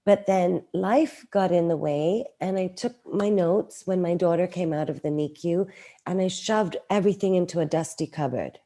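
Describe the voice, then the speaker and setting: A middle-aged woman telling a personal story in a casual interview, animated and acting out quoted lines. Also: moderate pace. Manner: animated, acts out quoted lines with raised pitch. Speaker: guest.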